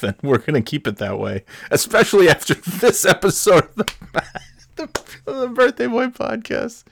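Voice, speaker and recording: A man's voice: medium pitch, no room sound, studio quality. A man hosting a podcast, telling a rambling, profane childhood story and chuckling as he goes. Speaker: podcast host. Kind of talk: casual storytelling.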